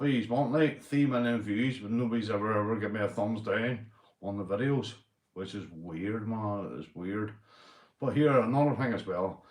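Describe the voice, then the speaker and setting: A Northern Irish man with a low voice rambles through a casual livestream chat, swearing and laughing a lot after a few beers. The sound is roomy, with echo around him. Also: a little mellow. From Northern Ireland. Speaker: livestream host.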